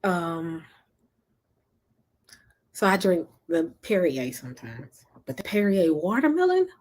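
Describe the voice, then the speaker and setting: A woman's voice: lowish voice, very animated, takes it slowly, darkish tone. A woman from Memphis with a Southern accent, chatting and rambling casually on a livestream while reading comments. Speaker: livestream host.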